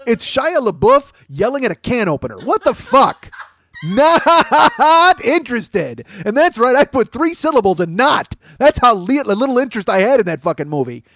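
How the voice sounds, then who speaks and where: A man's voice: extremely high pitch, sing-song, brisk, fairly bright tone, dry recording. A man hosting a comedy podcast, ranting in a rambling, profane way that keeps interrupting itself. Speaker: podcast host.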